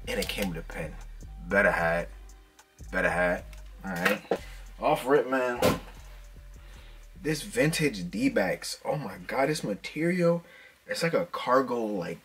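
A man talking casually and excitedly as he unboxes fitted hats for his vlog, full of slang. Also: medium pitch, unhurried, music in the background. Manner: excited slangy hype talk. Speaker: hat vlogger.

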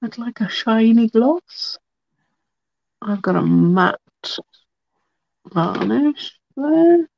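A woman's voice: fairly high pitch, very animated, very slow, vocal fry, pauses often, no echo, dull audio. A woman hosting a casual crafting livestream, talking half to herself as she works. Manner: muttering to herself while working. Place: home craft room.

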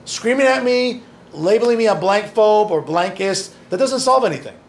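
A man's voice: high-pitched, lively intonation, normal speed. A man from northern New Jersey, an opinion journalist answering audience questions in a conversational, earnest way with joking asides. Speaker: opinion journalist and guest speaker. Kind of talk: audience Q&A talk.

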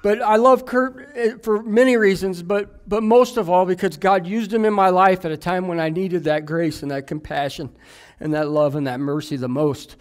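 A man in his thirties preaches from the pulpit and weaves his own story into the sermon. His voice sits a bit higher than most men's, and he tells it candidly, poking fun at himself with the odd joke. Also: steady tone, moderate pace, smooth. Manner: candid, self-deprecating storytelling with jokes. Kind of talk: sermon with personal testimony.

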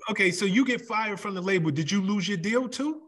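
A man's voice: high-pitched, animated, brisk, a bit bright. A man hosting an interview, asking brief, prompting questions. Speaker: interview host.

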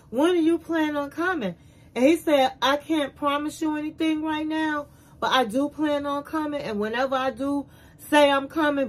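A woman hosting a casual show recap, retelling scenes in an animated way and acting out the quotes. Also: sits high, rough recording.

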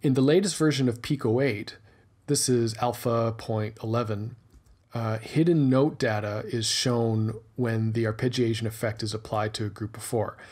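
A man's voice: mid-range voice, fairly even intonation, moderate pace, a little mellow. A man hosting a music tutorial, explaining methodically and thinking aloud as he works through the steps. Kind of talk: screen-recorded tutorial narration.

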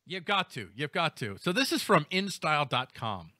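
A man hosting a casual podcast, animated and jokey, swinging between loud remarks and mumbled asides. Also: on the high side, moderate pace, dry recording. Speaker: podcast host.

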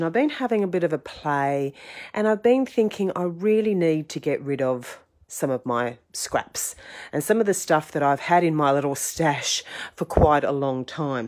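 A woman with a croaky, recovering voice, chatting her way through a craft tutorial in a rambling, self-deprecating way. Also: low voice, darkish tone. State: croaky, getting over a cold.

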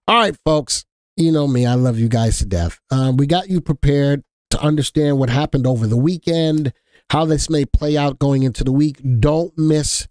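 A man's voice: medium pitch, warm tone, no echo, clean studio sound. A man hosting a live stock market stream, chatting casually and joking with viewers in the chat. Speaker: stock market livestream host.

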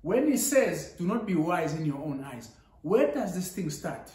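Animated man preaching. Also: high-pitched, a little slow. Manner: preaching with rising emphasis, mixing in Zulu. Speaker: pastor. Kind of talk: sermon. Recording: echoey church hall.

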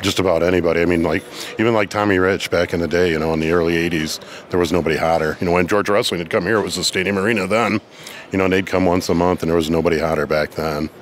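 A man in his fifties, a wrestling photographer, recalling old shows in a quick, matter-of-fact way. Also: low voice, fairly even intonation, slight background noise. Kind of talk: casual interview.

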